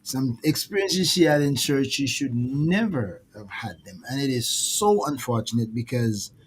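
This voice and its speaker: A man hosting a ministry interview, speaking in a halting, reflective way with many restarts. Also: mid-range voice, expressive, a little hiss or hum. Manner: halting, repeats words, reflective. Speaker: host, minister.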